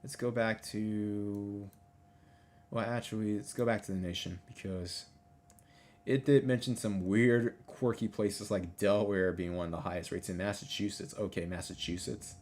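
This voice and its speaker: A man hosting a casual livestream, talking over a map and reading out numbers, excitable and often repeating himself. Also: on the low side, normal speed. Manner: excitable, exclamatory, repeats phrases. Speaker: livestream host.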